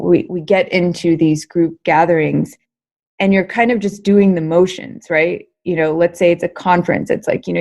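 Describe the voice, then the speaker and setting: A young adult woman, a guest researcher and comedian, answering interview questions in an energetic, chatty way, full of fillers and repeated words. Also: fairly low pitch, gravelly.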